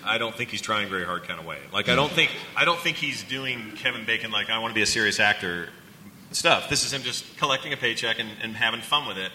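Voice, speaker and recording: A man's voice: medium pitch, animated, fast, hardly any pauses, bright, forceful tone, long reverb tail, slight background noise. A man co-hosting a casual movie commentary podcast, joking and rambling and laughing often. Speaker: podcast co-host.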